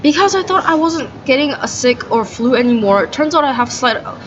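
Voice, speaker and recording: A woman's voice: high voice, expressive, fairly quick, a little hiss or hum. A young woman vlogging outdoors on the grass, ranting in an exasperated, profane, rambling way. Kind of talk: ranting casual monologue. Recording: slightly dull sound, faint outdoor ambience.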